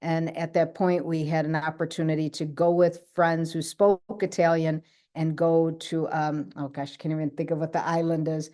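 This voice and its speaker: A woman's voice: low-pitched, flat delivery, moderate pace, mellow. A woman telling her own healing story in a chatty way, often checking in with the listener. She is speaking on a video call. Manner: chatty, keeps checking in with "right?". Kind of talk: casual talk on a video call.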